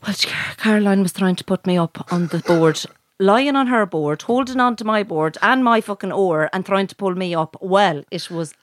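A woman's voice: medium pitch, moderate pace, dry recording. A woman with an Irish accent from Mayo, telling a comic anecdote in casual chat, swearing freely and laughing as she goes. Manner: animated, swearing, laughing through her story.

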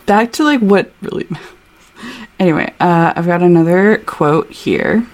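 A chatty woman co-hosting a casual book podcast, trading quick asides and giggles. Her voice sits a little low for a woman. She keeps an easy, loose conversational flow. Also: expressive, a little mellow. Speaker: podcast co-host. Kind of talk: casual book-club chat with read-aloud passages.

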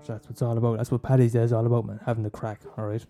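A man's voice: mid-range voice, flat delivery, very fast, dark tone, soft background music. An Irish man hosting a podcast, rambling in a casual monologue, swearing, laughing and teasing his listeners. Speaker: podcast host recommending films.

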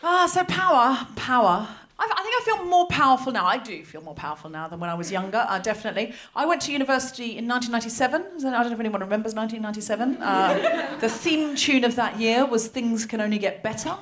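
A woman's voice: on the high side, expressive, fast talker, hardly any pauses, a bit bright. An Australian woman of about forty doing a stand-up comedy set on a live stage, telling a story with animation and acting out the people she quotes. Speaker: comedian and host. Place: live venue before an audience.

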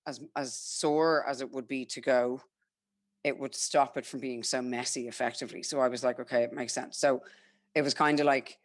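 A woman's voice: rumbling low, no room sound, clean studio sound. A young Irish woman telling her own story frankly and chattily, quoting herself and others as she goes. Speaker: guest sharing her story. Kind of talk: candid personal storytelling.

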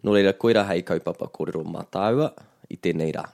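A man hosting a bilingual language lesson, explaining in a measured way with small restarts. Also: sits low, creaky, darkish tone, no room sound, studio quality. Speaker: te reo Māori teacher and podcast host.

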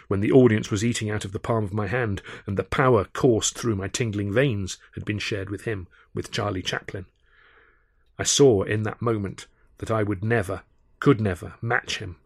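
Male author-narrator, low and brooding, dry close read. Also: breathy edge, no echo. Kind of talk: scripted first-person audiobook narration.

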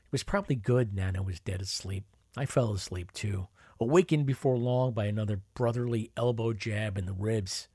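A man's voice: fairly low pitch, normal speed, darkish tone, slightly rough, no echo, clean studio sound. A man narrating a memoir in a wry, conversational storytelling manner. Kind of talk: memoir reading.

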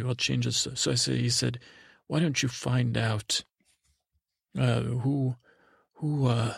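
Male comic improviser, gravelly and flat, playing a naive childlike narrator who rambles and restarts constantly. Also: medium pitch, no echo, studio quality. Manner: rambling, halting, full of restarts; naive, childlike storyteller persona. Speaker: comedy podcast host. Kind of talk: improvised in-character comedy storytelling.

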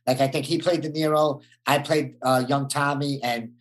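A man's voice: mid-range voice, fairly even intonation, normal speed. A man talks as a guest in a casual interview. He tells his stories in a laid-back, easygoing way, often using "like.". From New York. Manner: laid-back storyteller, uses "like" a lot. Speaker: guest, actor.

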